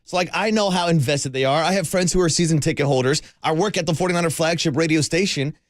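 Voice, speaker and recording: A man's voice: fairly high pitch, fast, dry recording, clean studio sound. A young man from the Bay Area co-hosting sports talk radio, speaking earnestly and casually with lots of "like". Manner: earnest, conversational, uses like often.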